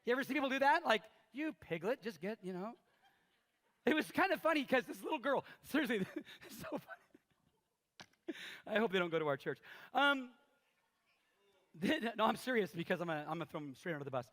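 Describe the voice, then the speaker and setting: A man's voice: high-pitched, brisk, pauses often. A man in his fifties preaching a sermon as pastor, telling stories and acting out the voices of the people in them. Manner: animated storytelling, acts out quoted voices. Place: large church hall. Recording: live church hall with long reverb.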